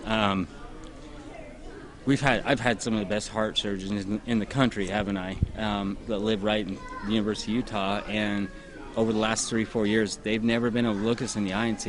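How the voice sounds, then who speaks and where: A man in his forties, an interview guest, telling his story in a halting, emotional way with laughs. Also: fairly low pitch, little pitch movement. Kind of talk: casual emotional testimony. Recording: outdoors with a crowd behind.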